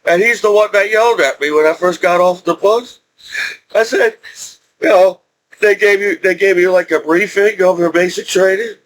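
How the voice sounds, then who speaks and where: Middle-aged man, high voice, loose rambling storyteller who laughs between lines. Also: moderate pace, fairly bright tone. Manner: rambling, repeats and restarts, laughs often. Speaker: veteran telling his story. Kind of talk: casual storytelling.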